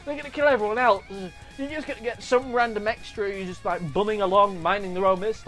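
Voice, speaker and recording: A man's voice: high-pitched, steady tone, fast talker, a bit bright, faint music behind. A man rambling through a profane, comedic TV review monologue. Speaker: video reviewer.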